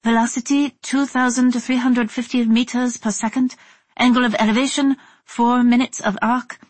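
A woman voicing an excited young female mathematician who reads out figures in a high voice with a faint Taiwanese accent. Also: normal speed, no room sound, close to an everyday voice. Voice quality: high, eager.

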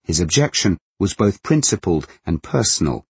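A man narrating a novel in a measured, even manner. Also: deep voice, husky, no room sound. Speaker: audiobook narrator.

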